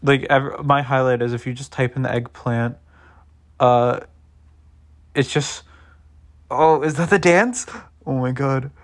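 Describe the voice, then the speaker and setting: A young man vlogs in a medium-pitched voice, speaking a little slowly with long pauses. He rambles casually to his viewers, swears a lot, and repeatedly breaks into giggles.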